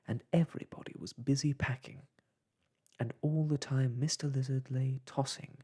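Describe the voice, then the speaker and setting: A storyteller softly whispering an old children's book aloud, in a whispered role-play. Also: medium pitch, fairly even intonation, moderate pace, slightly rough.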